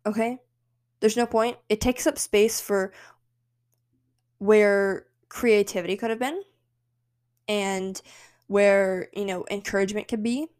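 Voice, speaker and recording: A young woman hosts her own solo podcast, talking casually and emphatically as she encourages herself and her listeners. Her voice is mid-range with a darkish tone.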